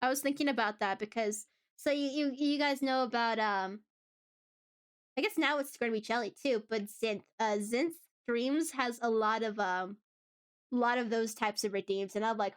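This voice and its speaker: A woman's voice: fairly high pitch, lively intonation, moderate pace, clear, resonant tone. A woman streaming live, chatting casually with her viewers in a rambling way, laughing often between thoughts. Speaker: VTuber streamer.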